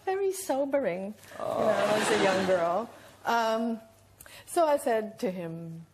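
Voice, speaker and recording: A woman who is a talk show guest, telling a story in a measured, reflective way. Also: medium pitch, very animated, heavy background noise. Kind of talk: anecdotal chat. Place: TV studio.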